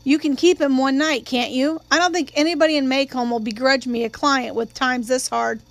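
A woman reading a calm, even-voiced lawyer father. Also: high-pitched, fairly quick. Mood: measured. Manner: even, quiet, patient. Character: calm, measured small-town lawyer father, man.

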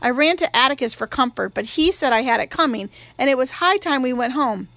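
High-voiced woman narrating a storybook. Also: lively intonation, brisk, fairly bright tone, no room sound. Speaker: audiobook reader. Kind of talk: first-person literary narration. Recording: dry, close studio read.

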